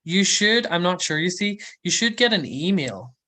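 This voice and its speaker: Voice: medium pitch, sing-song, moderate pace, bright, forceful tone. Livestream host just chatting w viewers, giggly, rambly, lotta ums. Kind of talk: casual live chat reading viewer comments.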